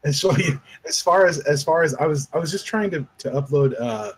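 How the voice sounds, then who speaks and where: A man's voice: fairly high pitch, animated, normal speed, breathy edge, rough recording. A man guest on a live-streamed podcast, chatting casually and hesitantly, often repeating words and restarting his sentences.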